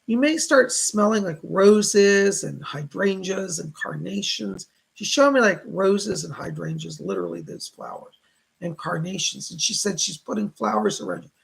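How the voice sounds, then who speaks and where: A man hosts live psychic readings, reading out viewers' messages and passing on what the spirits tell him. His voice is heavily gravelly and rough with rasp. His pitch swings widely as he talks. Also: very animated, moderate pace, poor audio. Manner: reads viewer messages aloud and relays spirit messages. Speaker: psychic reader, show host.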